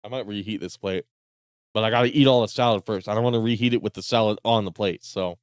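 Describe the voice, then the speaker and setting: A man's voice: fairly low pitch, fairly even intonation, quick pace, clear, resonant tone, no echo. A man streaming a game, talking in a casual, crude way and laughing often. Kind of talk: let's-play commentary.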